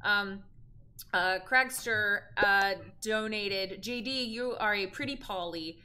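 A woman hosting a game livestream, animated and laughing often as she reads out viewer donations. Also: medium pitch, takes it slowly, smooth. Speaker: livestream host. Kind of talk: casual livestream chat reading donations.

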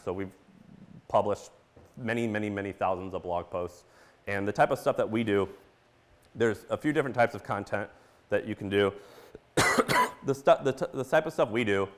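A man in his thirties speaks casually from a conference stage, slipping in plenty of fillers. His voice sits a little low, and it jumps up in pitch and loudness when he acts out his own surprised reactions. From Missouri. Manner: animated, storytelling with quoted reactions and filler words.

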